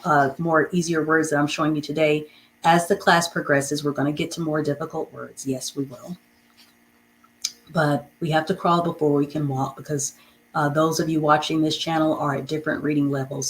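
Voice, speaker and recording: A woman's voice: deep voice, slight background noise, low-quality recording. A woman teaching a beginner reading lesson, patiently repeating and spelling out each word.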